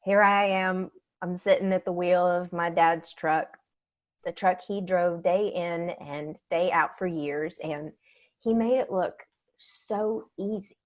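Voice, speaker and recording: A woman's voice: lowish voice, steady tone, muffled recording. An actress playing a young woman tow truck driver who talks in a wry, confiding way. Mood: wistful. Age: young adult. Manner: wry, confiding, quick to laugh. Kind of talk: audio drama acting.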